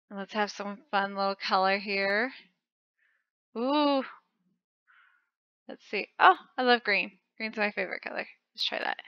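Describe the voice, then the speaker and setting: A woman hosting a channel, giving excited commentary as she plays a game, gushing and squealing at close calls. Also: medium pitch, gravelly, dry recording, dull audio. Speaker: channel host.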